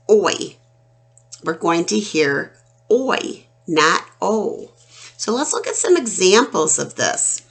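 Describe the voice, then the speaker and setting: Teaching children phonics, a woman speaks slowly in a fairly low, gravelly voice with a fairly bright tone. She draws out each word, sounding it out clearly.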